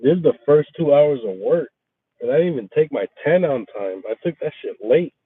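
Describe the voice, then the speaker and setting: A man telling a casual, profane story about his workday, venting with animated energy. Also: fairly high pitch, fairly quick, breathy edge, no room sound. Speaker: resort maintenance worker chatting with viewers. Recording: tinny phone-like, dry sound.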